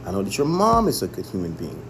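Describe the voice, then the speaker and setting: A man's voice: fairly low pitch, huge pitch swings, fast talker, slight background noise. A man, a chef, telling the story of a phone call in an earnest monologue, often repeating himself for emphasis. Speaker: chef and restaurant owner.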